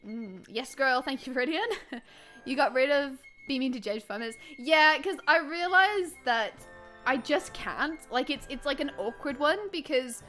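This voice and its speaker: A woman streaming a video game live, chatting with viewers and swinging between quiet muttering and excited shrieks. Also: high voice, measured pace, faint music behind. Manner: chatty, thanks chat viewers by name. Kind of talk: live gameplay commentary.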